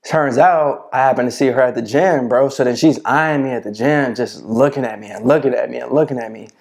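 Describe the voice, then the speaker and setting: A man's voice: mid-range voice, brisk, vocal fry, hardly any pauses, darkish tone. A man giving casual dating advice to camera, swaggering and full of slang, often asking "you know what I'm saying".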